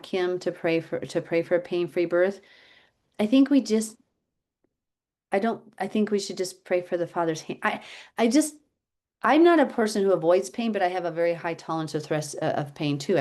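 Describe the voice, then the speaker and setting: A middle-aged woman leading a casual Bible teaching chat, telling stories in an animated, chatty way. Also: on the low side. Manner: chatty, animated storytelling, laughs often.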